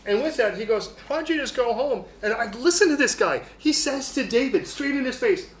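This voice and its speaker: Male pastor, high voice, lively funny sermon, roomy hall with faint hiss. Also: a little fast. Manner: animated, humorous storytelling. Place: church hall. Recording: echoey hall, faint noise.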